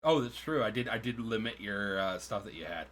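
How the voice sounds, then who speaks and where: Animated low-voiced man running a game. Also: a little fast, over a noisy crowd. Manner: laid-back, swears casually. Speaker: game master. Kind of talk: running a tabletop game over voice chat.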